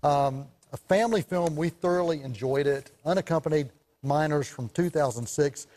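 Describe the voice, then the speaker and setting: Need a lively, slightly higher-voiced man co-hosting a film chat show, chatty storyteller who laughs a lot. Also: normal speed. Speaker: co-host, film reviewer. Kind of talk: casual chat about movies.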